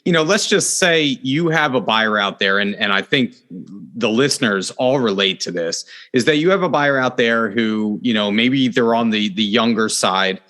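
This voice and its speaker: Middle-aged male podcast host, earnest and animated, bright tone, fairly low pitch. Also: normal speed, hardly any pauses. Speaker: podcast host, real estate agent. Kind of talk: casual interview chat.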